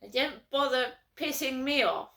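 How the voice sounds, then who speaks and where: A woman's voice: sits high, animated, normal speed, gravelly, bright, forceful tone. A woman from London, ranting in an aggrieved, repetitive vlog monologue. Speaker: vlogger. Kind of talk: casual to-camera monologue.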